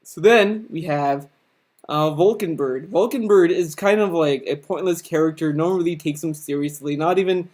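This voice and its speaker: A man's voice: a little high, a little mellow. Rambling, profane man with a raised voice. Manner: rambling, crude and profane, frequent fillers and restarts; mocking, puts on quick sarcastic quoted voices. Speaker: video host. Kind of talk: casual comedic character rundown.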